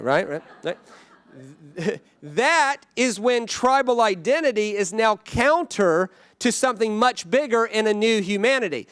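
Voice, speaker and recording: A guest preacher delivering a conversational sermon in a church, often checking in with the congregation. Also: male voice, high-pitched, expressive, unhurried, a bit bright, clean tone, no echo, clean studio sound. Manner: conversational, keeps asking "right?".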